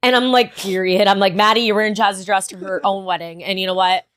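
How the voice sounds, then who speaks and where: A young woman co-hosting a podcast, telling a story in animated casual chat, full of "like" and swearing. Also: mid-range voice, a little fast, dry recording, studio quality. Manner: animated storyteller, heavy "like" filler, frequent swearing. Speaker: podcast co-host.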